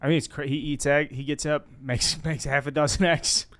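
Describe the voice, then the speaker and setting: A man's voice: on the high side, steady tone, normal speed, a bit bright. A man co-hosting a casual podcast chat, teasing the others with jokes. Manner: teasing, jokey. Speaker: podcast co-host.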